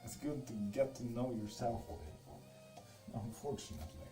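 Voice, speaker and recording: With a mid-range voice at a moderate pace, a man from Sweden does tarot readings on a home live stream. He chats casually, teases viewers and swears without restraint, while music plays behind a roomy echo.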